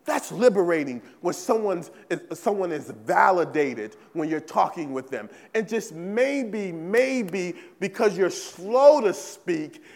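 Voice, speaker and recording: A man's voice: sits high, expressive, slow, hardly any pauses, darkish tone, long reverb tail. A male pastor preaching a sermon in a church, emphatic and repetitive, often checking in with the congregation. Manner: emphatic preaching, repeats phrases, asks "right?" often. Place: church sanctuary.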